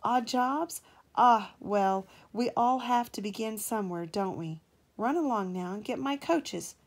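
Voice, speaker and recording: A woman's voice: on the high side, unhurried. A woman voicing a proud, boastful big male steam engine in a children's storybook read-aloud, with a pompous, patronising manner.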